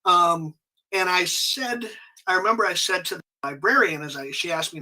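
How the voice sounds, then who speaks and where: A high-pitched man with a very bright, forceful tone, speaking as a podcast guest. He tells stories in a lively way and keeps restarting and correcting himself mid-sentence. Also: brisk, rough recording. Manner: animated, frequent restarts and self-corrections. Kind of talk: conversational storytelling.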